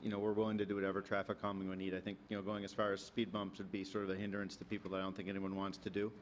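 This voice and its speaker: A man speaks quickly in a low, flat voice, answering a planning board on behalf of his business. He reassures with frequent fillers, over faint room noise. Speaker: business representative. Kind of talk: presenting at public meeting.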